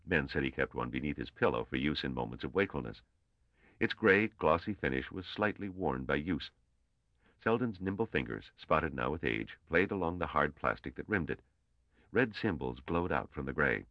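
A man narrating an audiobook in a measured, expressive storytelling manner. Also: extremely low pitch, no room sound, lo-fi sound. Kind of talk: scripted narration.

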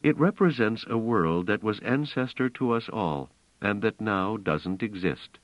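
A man voicing a proud, touchy superstitious woman, speaking slowly and emphatically. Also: on the low side, expressive, dry recording, voice pushed up. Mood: solemn. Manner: tense, emphatic, slow deliberate delivery. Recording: slightly dull, dry audiobook recording.

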